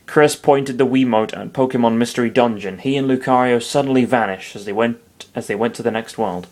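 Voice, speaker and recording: A man reads a fan story aloud in a relaxed, offhand way. He keeps breaking off into rambling, mumbled tangents and swears freely. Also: medium pitch, fairly quick. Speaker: reader. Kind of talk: casual reading of a fan story with commentary.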